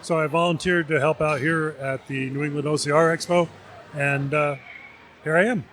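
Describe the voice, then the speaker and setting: Man from New Jersey, slightly high voice, measured vendor pitch. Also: steady tone, fairly bright tone, slight background noise. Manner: measured, explanatory. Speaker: vendor representative. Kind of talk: casual interview.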